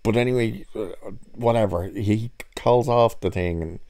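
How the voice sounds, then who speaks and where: A man with a low, mellow voice recaps a TV episode in a loose, casual way. He is sarcastic and mocking, and he swears freely as he picks the plot apart. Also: moderate pace. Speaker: show reviewer.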